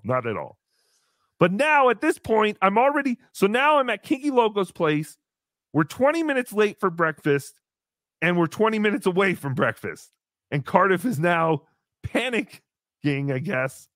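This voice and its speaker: A man with a high voice that swings up and down a lot, telling a story in an animated, exasperated way with plenty of swearing. He is hosting a live show, recorded dry and close. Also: normal speed, dry recording. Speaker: podcast host. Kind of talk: casual storytelling on a live stream.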